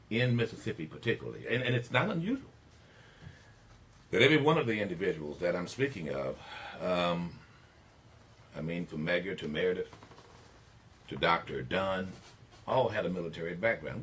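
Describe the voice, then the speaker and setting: A man's voice: low-pitched, a little hiss or hum. An older man hosting a call-in radio talk show, speaking in an opinionated monologue with emphatic, preacher-like swells. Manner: emphatic preacher-like delivery, swelling to near shouting on key points.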